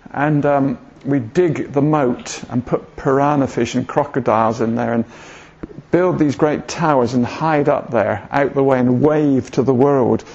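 A man's voice: mid-range voice, creaky, darkish tone. A man preaching an informal sermon in a church, chatty and jokey, often asking the congregation questions. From southern England. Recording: dull lo-fi church recording.

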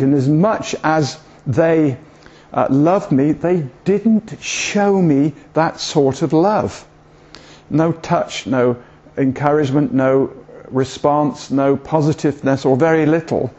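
A man's voice: mid-range voice, a little mellow. Older man, rambling preacher. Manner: rambling, hesitant, self-deprecating humour. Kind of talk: informal sermon talk. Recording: dull lo-fi recording.

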